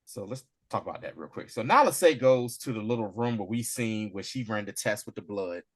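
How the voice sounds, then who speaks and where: Animated man retelling a show casually. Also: fairly low pitch, brisk. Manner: animated retelling with acted-out character lines and laughs. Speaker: podcast co-host. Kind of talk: casual recap chat.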